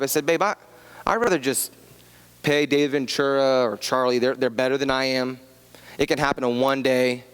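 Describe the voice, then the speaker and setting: Chatty pastor in a reverberant hall. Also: male voice, on the high side, fairly bright tone. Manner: chatty and self-deprecating, many restarts and asides. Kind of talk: conversational sermon with personal stories. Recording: long reverb of a church hall.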